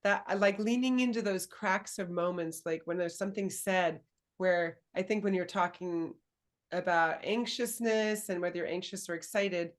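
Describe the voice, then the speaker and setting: A woman hosting a casual interview as a coach, speaking thoughtfully and searching for her words with soft laughs. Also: lowish voice, normal speed. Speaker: dating and embodiment coach, host.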